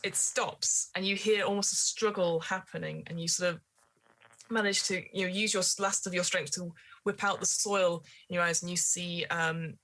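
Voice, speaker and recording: A woman's voice: fairly low pitch, fairly even intonation, moderate pace, fairly bright tone. Woman narrating as game master. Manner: descriptive, hesitant with fillers. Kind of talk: narrating a tabletop horror game.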